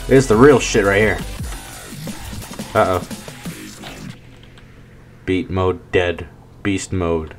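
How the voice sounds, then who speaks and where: Low-voiced man venting while gaming. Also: takes it slowly, pauses often. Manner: frustrated, swearing, talks to himself. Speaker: gaming video creator. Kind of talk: casual gameplay commentary. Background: faint game music.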